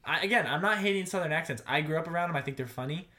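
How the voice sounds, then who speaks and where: A young man from the northern United States chatting casually on a podcast, rambling, joking and quick to laugh. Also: a little high, pushed and bright. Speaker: podcast co-host.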